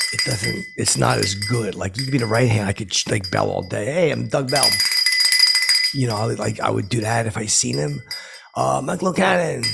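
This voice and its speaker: A man playing a self-important, washed-up comedian who hosts his own podcast from home, rambling in halting bursts full of fillers and restarts. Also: on the low side. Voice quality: gravelly and raspy. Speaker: podcast host. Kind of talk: improvised comic character monologue.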